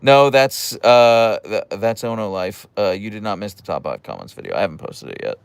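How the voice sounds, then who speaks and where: A man's voice: on the low side, lively intonation, moderate pace, vocal fry, clean tone. A young man from the Pittsburgh area hosting a casual livestream, reading out chat messages and answering with teasing, dry jokes. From Pittsburgh area, USA.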